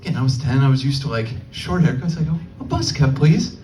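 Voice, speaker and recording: A young adult man performing a stand-up set, telling a story and quickly slipping into the voices of people he quotes. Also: medium pitch, sing-song, a little mellow, a little hiss or hum. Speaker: stand-up comedian. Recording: distant mic, faint room ambience.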